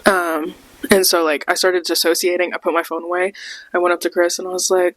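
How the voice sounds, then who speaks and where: A young woman hosting a podcast tells a rambling concert story in a casual storytime monologue, swearing a lot and acting out what people said. Her voice sits on the low side with a level tone and a fast pace, and there's no echo.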